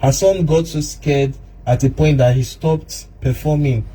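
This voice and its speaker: Man, dark mellow voice, steady explanatory commentary, played clip. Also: fairly high pitch, measured pace, slightly rough, low-quality recording.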